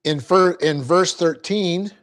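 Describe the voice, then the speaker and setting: Male pastor-teacher, slightly high voice, slow deliberate dictation, wry asides. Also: a bit bright. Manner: dictates punctuation slowly, joking asides. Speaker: pastor teaching a Bible class. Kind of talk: verse-by-verse Bible teaching. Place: church classroom.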